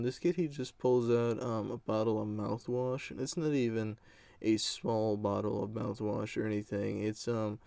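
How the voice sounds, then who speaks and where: A young man with a low, gravelly voice tells a school story in a loose, rambling way, swearing freely and using plenty of fillers. His tone is dark and mellow, and the recording is dry and close. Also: dry recording. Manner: rambling, profane, lots of fillers. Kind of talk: casual storytime.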